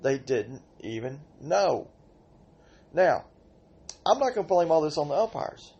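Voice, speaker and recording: An older man hosting a podcast, telling softball stories in an exasperated, ranting way with sudden outbursts. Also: on the high side, very animated, measured pace, muffled recording. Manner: exasperated storytelling, rhetorical outbursts. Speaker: podcast host and senior softball player. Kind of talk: casual podcast rant.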